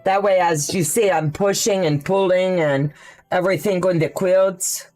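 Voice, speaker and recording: A woman hosts a live quilting demonstration from her sewing room, speaking slowly and unhurriedly. She chats and thinks aloud as she goes. Soft music plays faintly in the background. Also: lowish voice, fairly even intonation. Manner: chatty, thinks aloud with fillers, answers viewer questions. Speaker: quilting livestream host.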